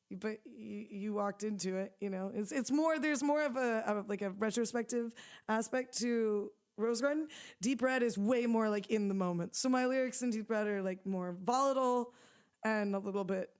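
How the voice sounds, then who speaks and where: A woman's voice: mid-range voice, moderate pace, a little mellow, smooth. A young woman musician chatting in an interview, rambling with lots of "like" fillers and frequent laughs. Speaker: musician guest. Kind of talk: casual interview chat.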